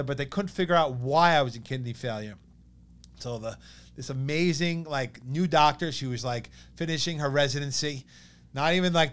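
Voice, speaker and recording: A man in his thirties with a New York accent, telling a personal story as a podcast guest in an animated way, acting out what others said. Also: medium pitch. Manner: animated, quotes others in lively bursts.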